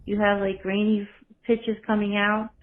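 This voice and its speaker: A woman's voice: medium pitch, flat delivery, moderate pace. A woman leaving a polite, earnest voicemail question for a podcast, a little rambling. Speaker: caller. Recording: tinny phone line voicemail.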